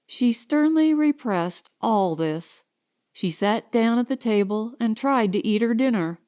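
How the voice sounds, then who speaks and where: Slow, expressive woman narrating a story. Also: on the high side. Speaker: audiobook narrator. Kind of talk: scripted narration.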